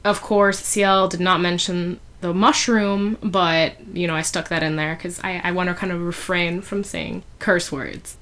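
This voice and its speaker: A woman's voice: on the low side, steady tone, unhurried, few pauses, a bit bright. Chatty woman reviewer, casual recap, filler-heavy, giggly asides. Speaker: fan fiction reviewer.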